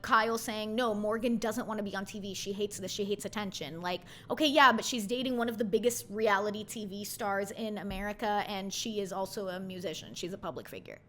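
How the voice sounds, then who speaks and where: A woman's voice: mid-range voice, bright, forceful tone. A young woman hosting a reality TV recap, giving blunt, indignant commentary in a casual way.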